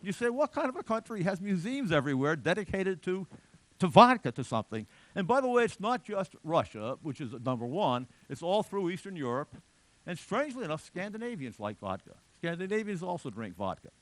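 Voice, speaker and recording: A man's voice: sits high, sing-song, a little fast, dry recording. A middle-aged man giving a lecture in a conversational, humorous storytelling way, full of asides. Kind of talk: lecture with anecdotes.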